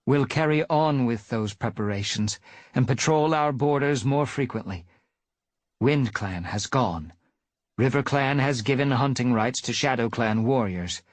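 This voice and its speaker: A man voicing a stern she-cat clan leader in a measured, menacing way during a live reading of a cat novel. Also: mid-range voice, dry recording, pitched above the performer's own voice, close to an everyday voice. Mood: commanding.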